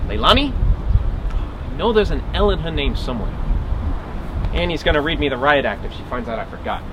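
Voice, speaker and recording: A man's voice: fairly high pitch, big pitch swings, normal speed. A man playing a wry, dogged old-time marshal. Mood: tense, wry. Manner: wry, vivid storytelling with grumbling asides. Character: 1850s kingdom marshal, wry and dogged lawman. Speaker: historical reenactor. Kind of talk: first-person dramatic monologue. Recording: outdoor recording with traffic noise.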